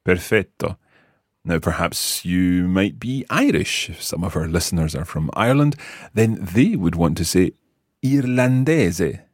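Deep Scottish man teaching patiently. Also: animated, slightly rough, no echo, clean studio sound. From Scotland. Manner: patient, explains and repeats words slowly. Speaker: language teacher and host. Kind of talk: podcast language lesson.

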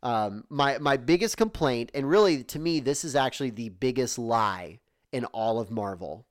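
A man's voice: medium pitch, lively intonation, normal speed, no echo, studio quality. A man co-hosting a casual movie podcast, rambling and joking, with a lot of "like" in his talk. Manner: rambling, jokey, heavy use of "like".

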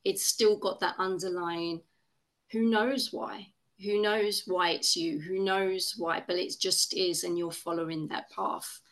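A woman's voice: fairly low pitch, fairly even intonation, unhurried, fairly bright tone. A woman hosting a podcast interview, asking questions and reflecting back on her guest's answers in an encouraging way. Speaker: podcast host. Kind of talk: interview conversation.

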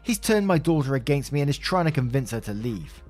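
A man voicing a volatile, manipulative middle-aged mother with a high-pitched Southern accent and a whiny, accusing way of talking. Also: sing-song, brisk, darkish tone, soft background music, heavily acted. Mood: pleading.

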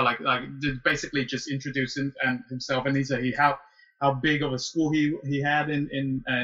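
A man in his late thirties telling a casual story as a guest, animated and halting, with many restarts. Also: on the high side, distant mic, dull audio. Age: 30s. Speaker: guest, martial arts student.

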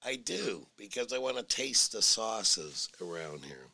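A man's voice: fairly low pitch, very animated, measured pace, vocal fry, sharp tone. A middle-aged man, a store owner and guest, chatting casually with wry, dry humor. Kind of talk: casual chat.

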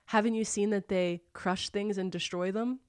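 A woman's voice: medium pitch, fairly even intonation, moderate pace, a little mellow, smooth, dry recording, lightly acted. Lady voicing a grim rotting man in a boat, blunt cussing warnings, dry sound. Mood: ominous. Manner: blunt, foul-mouthed warnings. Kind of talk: casual retelling of a story.

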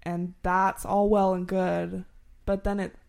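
A woman's voice: lowish voice, little pitch movement, slow, gravelly, darkish tone. A young woman in casual chat, explaining things in an informal, chatty way and laughing often.

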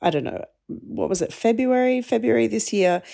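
A woman's voice: a little high, lively intonation, normal speed, vocal fry, mellow. A woman podcast co-host chatting in a breezy, rambling way in a casual voice memo. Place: walking around a city, sending voice memos.

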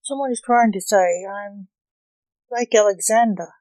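A storyteller voicing a gloomy, moaning male ruler, slow and mellow. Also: medium pitch, no room sound, lightly acted, poor audio. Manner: moaning, dour delivery. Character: gloomy Blake, a weary emperor figure, male.

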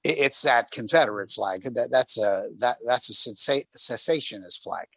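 A man hosting a talk show, telling stories from a bike trip in a casual, animated way and acting out the quotes. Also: medium pitch, moderate pace, creaky, husky, no echo. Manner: animated, rambling storyteller who acts out quotes. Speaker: radio show host on a cycling trip. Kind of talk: casual storytelling chat on air.

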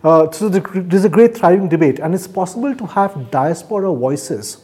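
A man's voice: sits high, lively intonation, normal speed, warm tone, slightly rough. A man from India on a podcast panel, thinking aloud with frequent fillers and hedges. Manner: thoughtful, hedging, many fillers. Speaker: panel guest. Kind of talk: casual panel discussion.

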